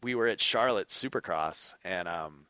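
A middle-aged man, a former motocross racer, telling stories as a podcast guest in an animated way and swearing freely. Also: low voice, normal speed, smooth. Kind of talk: casual storytelling.

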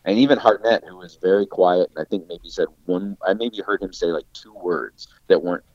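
Deep-voiced and fairly quick, the man is an actor guesting on a podcast, relaying a long story with casual animation and a steady stream of "like" fillers. The recording is dry, dull and lo-fi.

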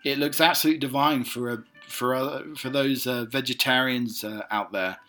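A man hosting a relaxed show, working through lists item by item and breaking off to gush about them. His voice is bright and sharp-edged, with faint music underneath. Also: medium pitch, moderate pace. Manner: reads items one by one with enthusiastic asides. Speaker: host. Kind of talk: casual read-through of lists.

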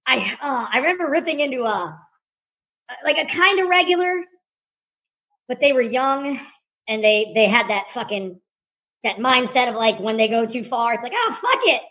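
A woman with a high voice chats as a podcast guest. She rambles through her stories with many fillers and swearing. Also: expressive, moderate pace, pauses often, pushed and bright. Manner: rambling, profane, filler-heavy. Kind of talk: casual chat.

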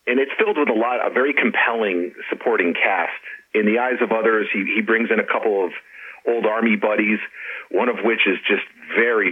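A middle-aged man, an author and interview guest, talking in a relaxed, chatty way. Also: fairly low pitch, slightly rough. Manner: relaxed, chatty, with frequent restarts and laughs. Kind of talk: casual interview chat. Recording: tinny phone line.

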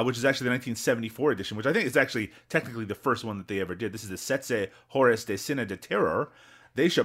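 A man co-hosting a movie podcast who talks quickly, rattling off his points at a brisk clip. His voice is bright and forward. He chats casually, swears freely and laughs between remarks. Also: medium pitch. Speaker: podcast co-host.

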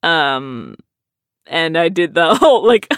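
A woman casually telling a story in a blunt, sardonic, animated way. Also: low-pitched, takes it slowly, clear, resonant tone, dry recording, studio quality.

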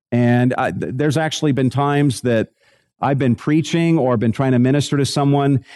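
A man's voice: mid-range voice, a little mellow. A man who is a pastor, speaking conversationally, chuckling and acting out the reactions of the people he talks to. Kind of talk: recorded talk.

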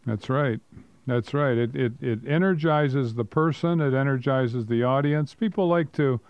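A man with a gravelly, mid-pitched voice reads out talking points and adds wry asides in casual talk. The sound is dull and dry, like a muffled close mic. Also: measured pace, dry recording. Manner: reads points aloud, then comments wryly. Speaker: co-host.

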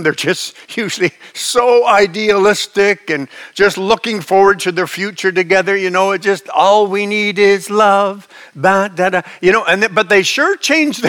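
Guy pastor preaching, bright clear voice, chatty folksy style. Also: high voice. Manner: conversational, folksy, chuckling asides. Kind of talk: sermon.

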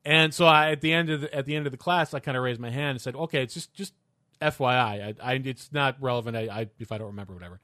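A man's voice: medium pitch, fast talker, bright, forceful tone, dry recording, studio quality. A man co-hosting a casual podcast chat, explaining at length with frequent restarts and hesitations.

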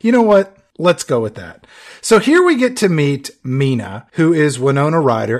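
A man's voice: on the high side, sing-song, moderate pace. A man co-hosting a casual podcast, recapping a film's plot with joking asides. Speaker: podcast co-host. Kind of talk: casual movie recap chat.

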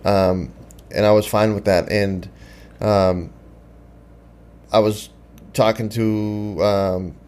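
A man in his thirties from Boston speaks with a low voice and a Boston accent. He tells his story in a halting, plain way and often repeats his words. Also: steady tone, a little mellow. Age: 30s. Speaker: podcast guest in recovery. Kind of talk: casual storytelling.

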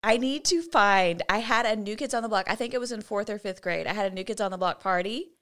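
Talking fast in a fairly bright, medium-pitched voice, this forty-something woman co-hosts a casual podcast chat. She's giggly and chatty, laughs often, and slips into put-on voices to quote movie lines.

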